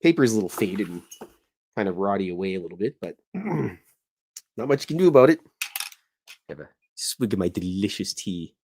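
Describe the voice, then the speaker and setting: Deep-voiced man rambling while he draws. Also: expressive, moderate pace, long pauses, darkish tone. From Canada. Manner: joking, self-deprecating, meandering. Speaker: podcast host and cartoonist. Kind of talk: casual rambling chat while drawing.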